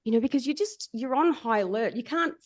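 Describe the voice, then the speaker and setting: A woman's voice: a little high, lively intonation, fairly quick, no room sound, studio quality. A woman, a somatic coach guesting on a podcast, telling stories animatedly and laughing often. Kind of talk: storytelling in casual chat.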